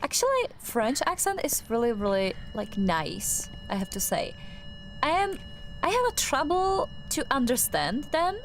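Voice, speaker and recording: A young woman with a non-native English accent talks her way through a game, slow and unhurried, a little high in her register. She trails off often, restarting sentences and leaning on fillers as she searches for the English words. A faint hiss of background noise sits under her voice. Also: big pitch swings. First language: not English. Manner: hesitant, many fillers and restarts. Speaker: streamer. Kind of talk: casual gameplay commentary.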